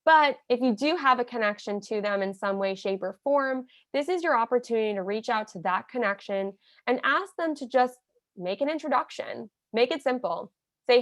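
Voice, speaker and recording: A woman with a fairly high voice teaches nonprofits in an emphatic coaching tone. She acts out sample messages as she explains each step. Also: animated, normal speed, a bit bright, no echo, clean studio sound. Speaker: nonprofit consultant. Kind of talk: instructional talk.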